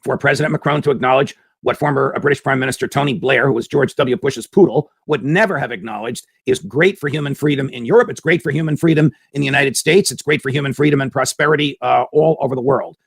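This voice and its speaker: A man's voice: mid-range voice, fast, vocal fry, hardly any pauses, breathy edge, no room sound. A man hosting a political commentary show, giving an emphatic opinion monologue full of hammering rhetorical questions.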